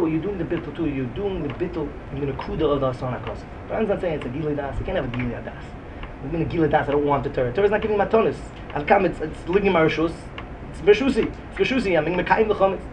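A man with a Yeshivish English accent giving a Talmudic lecture in a rapid, emphatic way. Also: high-pitched, slight background noise, poor audio. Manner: rapid, emphatic, mixes Yiddish and Hebrew terms into English. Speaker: Talmud teacher.

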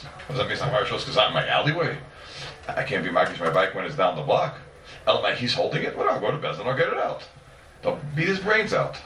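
A man teaches a Talmud class at a quick clip, pressing his points again and again and firing off rhetorical questions. His pitch swings widely as he talks. He is heard from a distance in an echoey room. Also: sharp tone, a little hiss or hum. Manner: repeats and restates points emphatically; asks rhetorical questions and answers them.

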